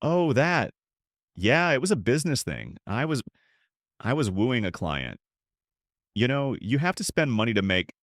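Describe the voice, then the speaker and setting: A man's voice: mid-range voice, very animated, measured pace, long pauses, no echo, studio quality, voice pushed up. An older man voicing an arrogant, cruel husband who sneers and gets defensive. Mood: sneering.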